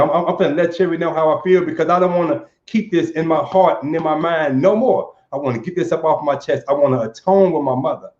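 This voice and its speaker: A man from Saint Louis telling a personal story for a live audience. He speaks earnestly and stumbles over repeated words. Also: fairly high pitch. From Saint Louis, USA. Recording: roomy, dull lo-fi sound.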